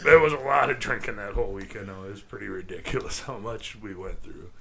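A man's voice: on the low side, fast talker, gravelly, a crowd in the background. A man in casual podcast chat, reacting animatedly and swearing freely. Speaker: podcast co-host.

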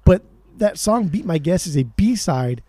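A man co-hosting a podcast in casual chat, excitable and swearing often as he talks about music. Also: high voice, unhurried, no room sound. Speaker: podcast co-host.

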